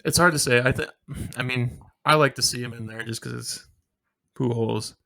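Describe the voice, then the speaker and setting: A man's voice: mid-range voice, normal speed, vocal fry, pushed and bright. A young man co-hosting a casual podcast, rambling with fillers. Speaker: podcast co-host.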